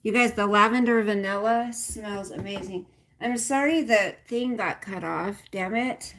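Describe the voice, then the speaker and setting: A woman hosting her own livestream, talking casually to viewers in a medium-pitched voice. She rambles with plenty of fillers, and her tone runs frustrated, with some swearing. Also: a little slow, fairly bright tone, slight background noise. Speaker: livestream host.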